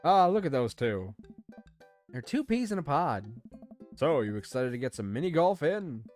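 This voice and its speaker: A man's voice: on the high side, big pitch swings, normal speed, a little mellow, soft background music. A man voicing a boastful, cheerful middle-aged rival dad with a chummy, hearty manner.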